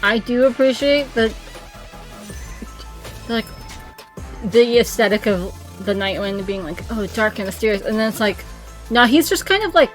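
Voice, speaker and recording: A woman's voice: fairly high pitch, expressive, unhurried, long pauses, soft background music. A woman streamer giving blunt, rambling reaction commentary, often laughing and cutting herself off. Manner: blunt, opinionated. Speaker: streamer reacting to game trailers.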